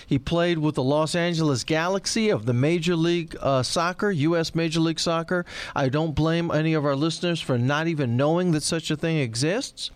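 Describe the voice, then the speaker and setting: A man, a professor, hosting a casual podcast chat, animated and wry, laughing often. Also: on the high side, brisk, few pauses, clear, resonant tone, dry recording.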